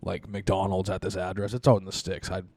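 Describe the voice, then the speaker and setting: Laid-back, low-voiced podcast host. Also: male voice, flat delivery, brisk, darkish tone, a little hiss or hum. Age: young adult. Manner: rambling, joking, swears a lot, laughs often. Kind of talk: casual chat. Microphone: close podcast mic.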